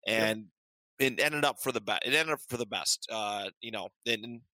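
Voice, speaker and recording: A man's voice: lowish voice, normal speed, sharp tone, no room sound. A man co-hosting a podcast in casual chat, enthusiastic and rambling, laughing often. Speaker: podcast co-host.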